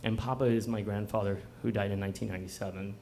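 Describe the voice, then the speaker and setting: A man's voice: lowish voice, steady tone, quick pace, mellow, slight background noise. A man telling a personal story at a live bookstore story slam, conversational and self-mocking, often slipping into laughter. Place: bookstore event before a live audience.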